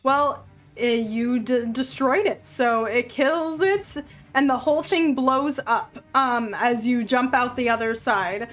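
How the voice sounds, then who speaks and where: A woman who, as game master, narrates a tabletop game in an unhurried, descriptive storytelling way. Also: a little high, soft background music.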